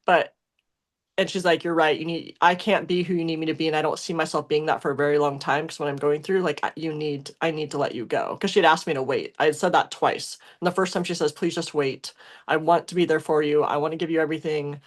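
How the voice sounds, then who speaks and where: A woman's voice: deep voice, fairly even intonation, quick pace. Woman telling a heartfelt story, rambling. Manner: emotional, rambling with many fillers and self-corrections. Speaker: podcast co-host. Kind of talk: casual conversational storytelling.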